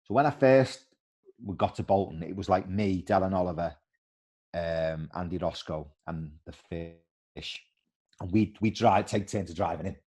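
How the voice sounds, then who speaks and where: Deep-voiced Liverpudlian man telling stories. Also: normal speed, slightly rough. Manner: animated storyteller acting out quoted voices. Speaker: former footballer guest. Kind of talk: casual anecdotal interview.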